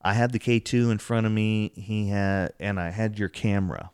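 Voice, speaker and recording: Deep-voiced man telling a ghost story. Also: normal speed, clean tone, no echo, clean studio sound. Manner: excitable, acts out quotes, rising pitch when telling. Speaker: paranormal investigator guest. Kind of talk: casual storytelling.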